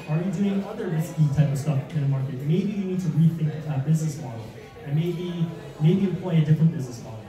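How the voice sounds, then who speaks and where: A man giving an animated real estate seminar with slides, asking the audience rhetorical questions and acting out mock panic. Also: on the high side. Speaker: real estate investing speaker. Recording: echoey room, distant mic, audience.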